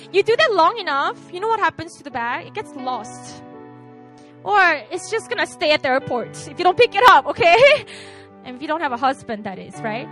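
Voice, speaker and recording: A woman preaching at a retreat, lively and animated, checking in with the crowd with quick asides and acting out little scenes. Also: high voice, soft background music. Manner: acts out voices in her illustrations. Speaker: retreat speaker. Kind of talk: sermon.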